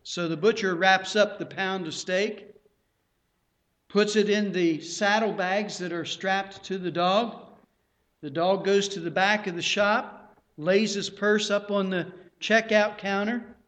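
Male pastor, unhurried pulpit delivery, higher voice. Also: fairly even intonation, a bit bright. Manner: slow, unhurried preaching with pauses and restarts. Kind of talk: sermon.

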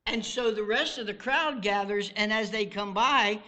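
Bright-voiced preacher man, high and ringing. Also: moderate pace, lo-fi sound. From American South. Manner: dramatic preaching, swinging from loud outbursts to hushed asides. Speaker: pastor. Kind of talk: sermon.

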